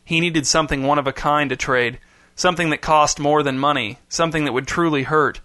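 Bright, dry-voiced male storyteller. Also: on the high side, fairly even intonation, brisk, no room sound. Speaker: narrator. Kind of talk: scripted narration.

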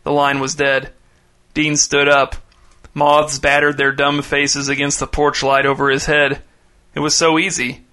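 A man reading a short story aloud in a measured, deadpan way. His voice is bright and slightly high, and his intonation stays flat and even. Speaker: narrator. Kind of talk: scripted short story narration.

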